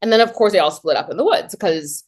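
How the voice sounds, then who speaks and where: Chatty woman recapping a movie. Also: fast. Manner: chatty and animated, heavy use of "like"; swings between excited high pitch and low deadpan asides. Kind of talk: casual comedic movie recap.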